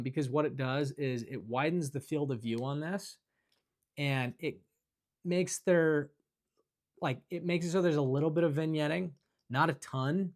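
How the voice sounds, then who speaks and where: A young man talking off the cuff as he reviews his belongings, his voice sitting at an ordinary middle pitch. He rambles, stacks fillers and corrects himself mid-sentence. The delivery is easygoing and unscripted. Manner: rambling and chatty, full of fillers and self-corrections. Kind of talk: casual off-the-cuff review chat.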